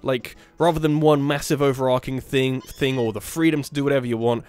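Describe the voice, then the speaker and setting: A man's voice: medium pitch, steady tone, brisk, darkish tone, smooth, faint music behind. A man giving casual let's play commentary while playing, thinking aloud and often restarting his sentences.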